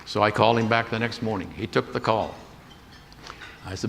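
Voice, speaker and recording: A man's voice: lowish voice, steady tone, moderate pace, vocal fry. An older man giving a keynote talk, telling a business story in a folksy anecdotal way and acting out the dialogue. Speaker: keynote speaker. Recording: echoey hall with faint noise.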